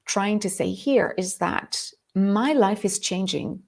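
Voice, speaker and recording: A woman from France with a French accent, hosting a live spiritual talk and greeting viewers by name in an excitable way. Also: mid-range voice, takes it slowly, gravelly, few pauses. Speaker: host and lightworker mentor.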